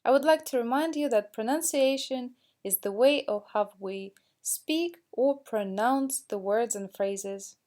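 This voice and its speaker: Woman, English teacher, high voice, unhurried, mellow tone, exaggerated intonation on examples. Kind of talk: slow classroom explanation with spoken examples.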